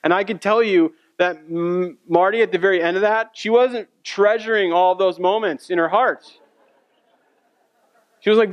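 A pastor delivering a sermon in a loose, storytelling way, chatting with the congregation as he goes. His voice sits high for a man and sounds dry and close, with almost no room around it. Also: moderate pace, no echo. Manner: storytelling, conversational with audience asides.

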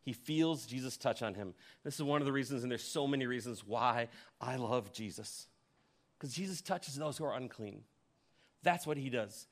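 Preaching at normal speed in a mid-range voice with lively intonation, a male pastor recounts the story vividly. His volume shifts from loud emphasis down to near-whispers, and he addresses the congregation directly with questions.

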